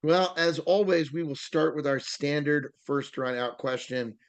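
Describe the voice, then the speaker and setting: A man's voice: fairly high pitch, fairly even intonation, measured pace. A man hosting a podcast in casual chat, rambling with frequent fillers and restarts. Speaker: podcast host.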